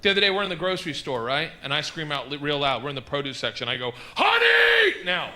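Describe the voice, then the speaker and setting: A man performing a stand-up comedy set on a club stage, telling loud, rowdy stories with shouted bursts into a handheld mic. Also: on the high side, very fast. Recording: noisy live club recording.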